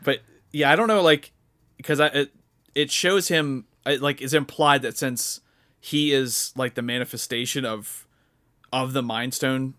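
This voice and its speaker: Young guy rambling on a podcast, lots of likes and uhs, average pitch. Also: a little slow, fairly bright tone. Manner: rambling, many fillers and restarts. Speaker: podcast co-host. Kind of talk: casual chat.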